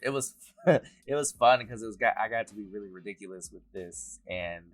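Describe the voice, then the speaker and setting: A man, a writer and director, speaking in a relaxed behind-the-scenes interview, laughing often as he talks. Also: lowish voice, normal speed, soft background music. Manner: relaxed, laughs often, loose rambling sentences.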